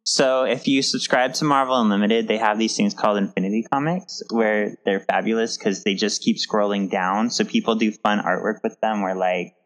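Very low-voiced chatty woman co-host. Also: fairly even intonation, normal speed, few pauses. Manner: chatty, laughs often. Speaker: podcast co-host. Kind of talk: casual chat.

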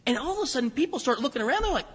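A male pastor preaching a sermon with animated storytelling and conversational asides. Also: extremely high pitch, rapid-fire. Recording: echoey hall with long reverb.

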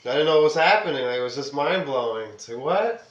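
A man's voice: a little high, expressive, fast, dull audio. A young man from New Jersey chatting on a podcast, laid-back, swearing, mostly chiming in briefly. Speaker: podcast co-host. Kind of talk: casual podcast chat. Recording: roomy room sound.

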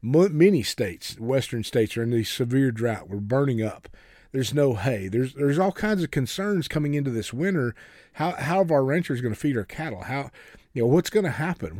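A man's voice: mid-range voice, darkish tone, no room sound, studio quality. A man preaching a folksy, earnest sermon, often repeating words as he starts a sentence.

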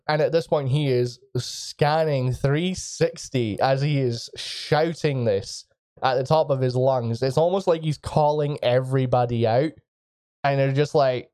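A woman's voice: extremely low pitch, unhurried, dark tone, no room sound, studio quality. A woman narrating as game master of an online tabletop game, casual with swearing. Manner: casual, swearing, laughing asides. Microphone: voice chat microphone.

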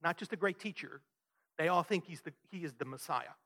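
With a slightly high, sharp-toned voice and a fairly quick pace, this pastor delivers an emphatic, conversational sermon. Rhetorical questions come often, and he keeps asking listeners "right?"

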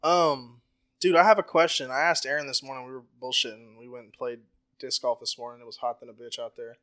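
A man co-hosting a podcast, talking in crude casual banter and laying out long questions loudly with lots of swearing. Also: medium pitch, steady tone, brisk. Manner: loud, profane, lays out questions at length. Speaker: podcast co-host.

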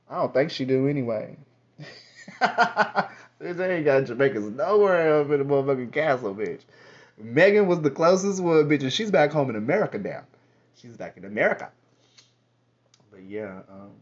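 A fairly high-voiced man talks straight to camera in a loose, rambling monologue, dropping curses and sass as he goes. The audio is muffled and lo-fi. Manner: sassy, profane, rambling. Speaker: vlogger. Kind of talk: casual monologue. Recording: dull lo-fi audio.

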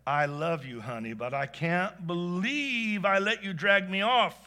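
A man's voice: high voice, a little slow, pushed and bright, heavily acted. A man storytelling, voicing a tired, blustering husband who grows exasperated. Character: tired, grumpy husband, later tender.

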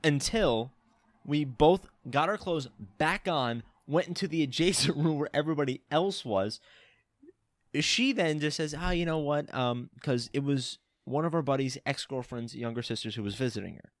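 A young man telling an animated, laughing story in casual chat among friends. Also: a little high, normal speed, no echo, clean studio sound.

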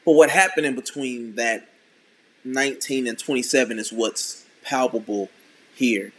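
A man in his thirties telling a candid personal story in an earnest, halting way, often restarting his sentences. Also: mid-range voice, slight background noise. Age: 30s. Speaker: speaker sharing a personal testimony.

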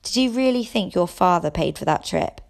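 Lady reading a bitter teen guy, harsh and blunt, low gravelly voice, audiobook. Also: animated, normal speed, darkish tone. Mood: reproachful. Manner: harsh, reproachful. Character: teenage boy, blunt and bitter.

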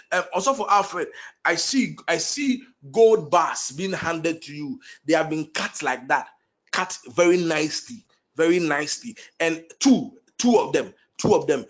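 A man's voice: on the high side, a bit bright. A man leading prophetic prayer, declaring blessings over named people with fervent, repetitive declarations.

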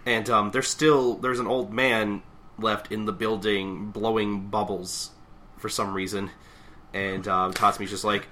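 A man's voice: on the low side, little pitch movement, unhurried, pushed and bright. A man co-hosting a podcast in casual chat, rambling and hesitant with many fillers. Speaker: podcast co-host.

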